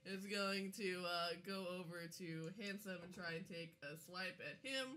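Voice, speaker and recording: A woman's voice: on the low side, a little slow, crowd noise. A woman narrating as game master of a tabletop game, giggling often.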